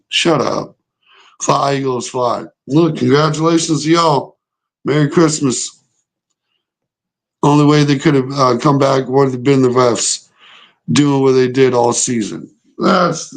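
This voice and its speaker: Young man, sports streamer, argues hotly with chat, lots of profanity. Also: medium pitch. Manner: heated, profane, argumentative with chat. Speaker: sports show host reacting live. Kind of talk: casual livestream reaction, reading chat.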